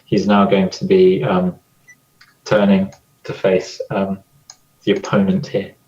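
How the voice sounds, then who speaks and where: A man's voice: sits low, completely flat delivery, slow, darkish tone. A man playing a tabletop role-playing game who explains his moves carefully and hesitantly. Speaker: player. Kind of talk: casual chat. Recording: dull, distant mic with faint hiss.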